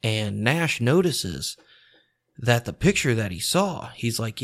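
A man telling a story in a casual, relaxed way, swearing freely and chuckling often. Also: medium pitch, slow pace.

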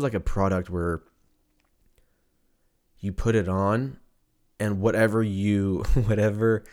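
A man with a somewhat low voice talks through a loose comedic podcast monologue. He is crude and profane, wanders off topic, and mocks himself as he goes. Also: a little mellow. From Armenian and German heritage. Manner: rambling, profane, self-mocking.

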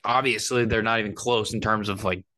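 A man hosting a casual sports podcast, talking in a relaxed, hesitant way with lots of fillers and the odd swear word. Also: fairly low pitch, brisk, dry recording. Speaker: podcast host.

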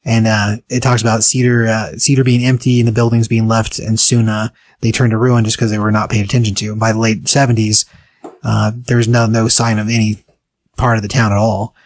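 A man's voice: on the low side, little pitch movement, fairly quick, no echo. A man casually retelling a story as host, rambling with many fillers.

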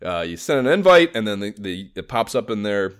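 A man co-hosting a podcast, chatting casually about games, excitable, swearing a lot and laughing often. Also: on the low side, fairly quick, clear, resonant tone. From Los Angeles area. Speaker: podcast co-host.

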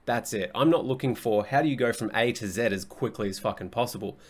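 A man's voice: mid-range voice, fast. A young adult man hosting a casual solo podcast as a coach, talking bluntly, swearing often and laughing easily.

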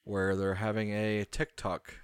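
A man's voice: on the low side, completely flat delivery, unhurried, clear, resonant tone. A man co-hosting a podcast, laid-back in casual chat and swearing when riled up. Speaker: podcast co-host.

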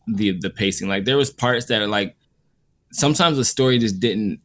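A man with a fairly low voice talks through an anime series in a loose, rambling way. He leans on filler words as he works out his opinions in casual podcast chat. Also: moderate pace, slight background noise. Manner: relaxed, rambling, frequent "like" fillers. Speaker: co-host reviewing an anime series.

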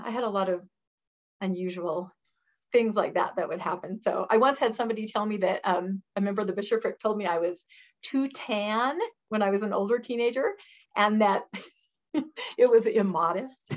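Guest, woman, 50s, animated storyteller who mimics people and laughs easily, mid pitch, somewhat lo-fi sound. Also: brisk. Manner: animated storyteller who acts out quoted voices and laughs often. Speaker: interview guest. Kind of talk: conversational storytelling.

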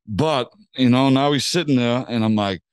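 A man's voice: mid-range voice, moderate pace, clean tone, no room sound. A man telling a long story in casual slang, swearing freely and acting out what people said. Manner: animated storyteller, slangy and profane, acts out quotes.

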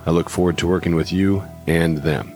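A man hosting a wellness podcast, explaining in an earnest, measured way. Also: sits low, fairly even intonation, a little mellow, soft background music. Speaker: podcast host. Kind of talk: casual podcast chat.

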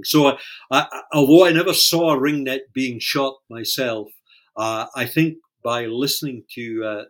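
A man's voice: mid-range voice, a bit bright. A man being interviewed about his working life, speaking thoughtfully and often repeating words while he gathers his thoughts. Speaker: interview guest, fishing industry leader. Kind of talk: recorded oral-history interview.

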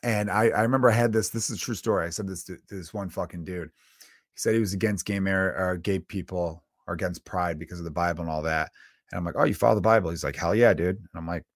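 Low-voiced man ranting on a podcast. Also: steady tone, fast talker, no echo, clean studio sound. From Chicago, United States. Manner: profane, exasperated ranting with sarcastic mock voices. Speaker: comedian podcast host. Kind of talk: ranting comedy podcast monologue.

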